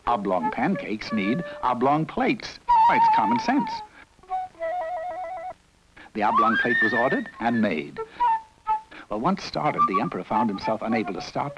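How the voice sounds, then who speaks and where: Lively male storybook narrator. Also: medium pitch. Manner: lively, expressive, cosy. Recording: dull lo-fi recording with loud music.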